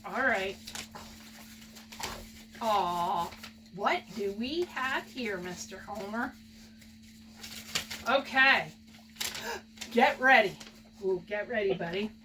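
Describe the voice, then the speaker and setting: A woman's voice: medium pitch, expressive, extremely slow, long pauses, distant mic, noisy background. A woman opening gifts from fans on a home video, gushing, laughing often and using baby talk with her pet. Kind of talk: casual home video chat.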